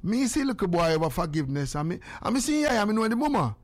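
A man's voice: high-pitched, fast. An older man with a Jamaican accent, telling stories in a casual way, acting out the exchanges he quotes, and breaking into prayer. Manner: animated, acts out quoted exchanges.

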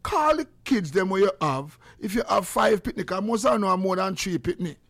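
A middle-aged man with a Jamaican accent hosting a call-in radio talk show, excitable and preaching, swinging from loud to hushed. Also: high voice, a little fast, gravelly, no echo.

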